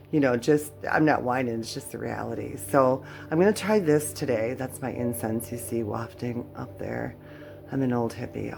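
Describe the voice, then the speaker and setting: A woman's voice: very deep voice, gravelly, dark tone. An older woman chatting casually to her viewers from a cluttered home workspace, rambling and poking fun at herself, audibly worn out. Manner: rambling, chatty, self-mocking. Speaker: channel host. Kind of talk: casual talk to camera.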